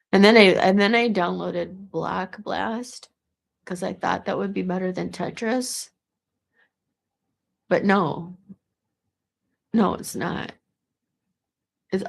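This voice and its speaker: A woman's voice: fairly low pitch, vocal fry. A woman talking in a casual, meandering monologue to the camera, restarting and repeating words as she goes. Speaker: vlogger.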